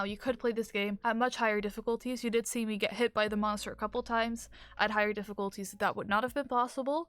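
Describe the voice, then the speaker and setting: A woman's voice: medium pitch, a bit bright. A woman giving chatty, upbeat commentary on her gameplay as a gaming video host, with rambling asides. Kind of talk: casual game commentary.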